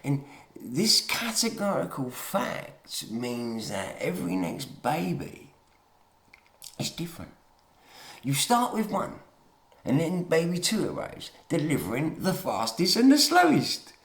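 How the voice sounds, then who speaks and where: Male vlogger, meandering, swearing, swings between mutter and emphasis, lively pitch, echoey room. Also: takes it slowly. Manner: meandering, swears, drops to mutters then rises to emphatic outbursts. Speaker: YouTube monologuist. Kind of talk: rambling to-camera monologue. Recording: roomy, echoey room sound.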